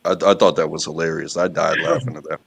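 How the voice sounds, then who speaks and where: A man's voice: a bass voice, little pitch movement, fast, creaky, a bit bright, husky. A married man on a panel chat who tells rambling, funny anecdotes full of fillers. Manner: rambling storyteller with dry jokes. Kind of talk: casual chat.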